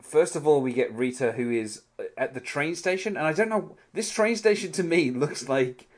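A man's voice: fairly high pitch, animated, normal speed. A man co-hosting a podcast, chatting casually through an episode recap, rambling with lots of fillers and restarts. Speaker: podcast co-host.

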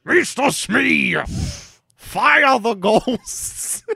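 A bellowing pirate captain. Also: male voice, very high-pitched, expressive, drawn-out words, gravelly, husky, no echo, clean studio sound, pitched above the performer's own voice, exaggerated voice. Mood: blustering. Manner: pompous, shouting theatrical bluster. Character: blustering pirate captain barking at his mate.

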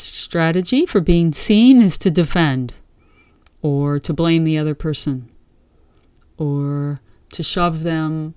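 A woman giving a slow, gentle, reflective teaching talk with long pauses. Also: deep voice, dry recording. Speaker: meditation teacher. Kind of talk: dharma talk.

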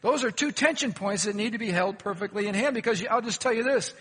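Male pastor, very high and bright voice, folksy and questioning delivery, reverberant sanctuary sound. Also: fast, husky. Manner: questioning the congregation, folksy jokes. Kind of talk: sermon with humorous stories. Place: church sanctuary.

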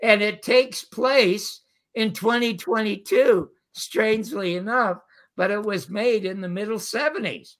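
An older man telling animated stories as a guest, quoting the people in them. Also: sits high, measured pace. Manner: animated storyteller quoting others. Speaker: guest storyteller. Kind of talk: casual interview anecdotes.

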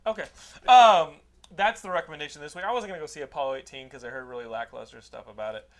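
A man hosting a podcast, telling a movie story in a loud, profane way and often laughing. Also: a little high, fast. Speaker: podcast host. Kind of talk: casual chat, movie review.

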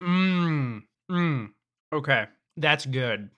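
A man with a bright, forceful tone chats slowly and unhurriedly. He sounds laid-back and loose, with frequent chuckles and casual swearing. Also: on the high side, lively intonation, dull audio. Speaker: co-host. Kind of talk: casual podcast snack review.

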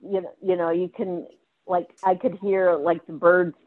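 A woman's voice: lowish voice, flat delivery, a little slow. A woman from Iowa calling in with a question, hesitant and restarting her sentences. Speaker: caller. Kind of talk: call-in question. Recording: tinny phone line.

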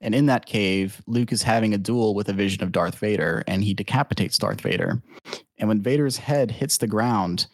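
A man in casual podcast chat, retelling a cartoon plot in a rambling, profane, animated way. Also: fairly low pitch, normal speed, no echo, studio quality. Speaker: podcast guest.

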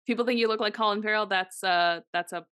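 A woman's voice: medium pitch, fast talker, fairly bright tone, clean tone, no echo, clean studio sound. A young woman co-hosting a podcast, telling crude, candid stories in casual chat. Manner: candid, crude storytelling with laughs. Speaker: podcast co-host.

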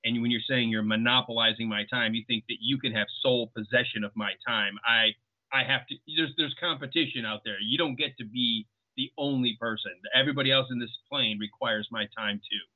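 A man's voice: mid-range voice, fairly even intonation, a little fast. A man guest on a podcast, explaining points at length in casual film talk and acting out short quotes. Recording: tinny phone-like line.

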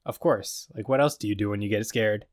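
A man's voice: fairly low pitch, fairly quick, dry recording, clean studio sound. A young man co-hosting a casual podcast, recapping a show in a rambling way with lots of "like" and quoted lines. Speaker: podcast co-host.

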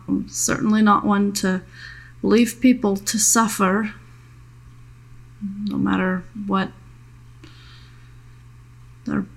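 A woman playing a blunt crew member who hesitates, uses many fillers and swears. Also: medium pitch. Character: blunt, hurried young adult crew member, nonbinary.

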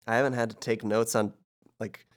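A man co-hosting a casual podcast, recapping a game in a laid-back, halting way and swearing casually. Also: on the low side, flat delivery. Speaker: podcast co-host.

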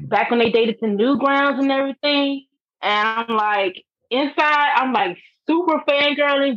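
A woman co-hosts a casual online podcast in a very high voice. She speaks in a bubbly, excited way, heard through a dull lo-fi online call. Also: no echo. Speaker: podcast co-host.

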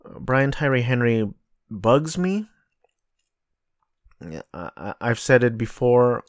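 A man's voice: mid-range voice, lively intonation, takes it slowly, dry recording, clean studio sound. An American man rambling through casual solo commentary, a bit profane, looking things up aloud as he goes. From United States. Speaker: podcast host.

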